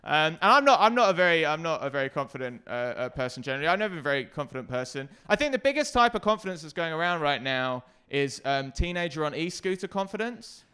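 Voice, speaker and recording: Man, stand-up comedian, self-deprecating, hesitant delivery, slightly high, crisp tone. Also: very animated, quick pace, hardly any pauses. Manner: self-deprecating, hesitant with many ums, then shouting bits.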